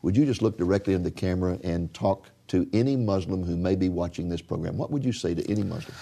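Folksy low-voiced male host. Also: quick pace, creaky, mellow. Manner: folksy storytelling, addresses viewers as folks. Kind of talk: talk show interviewing.

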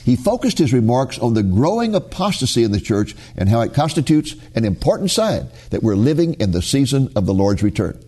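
A male host reads a scripted introduction with a husky, mellow voice. His pitch moves expressively through each sentence, with a measured, preacherly delivery. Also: sing-song. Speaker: ministry program host.

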